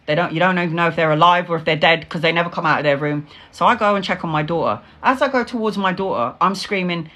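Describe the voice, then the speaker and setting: A middle-aged woman, a tarot reader telling stories in casual, animated chat and swearing freely. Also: fairly low pitch, fast, hardly any pauses.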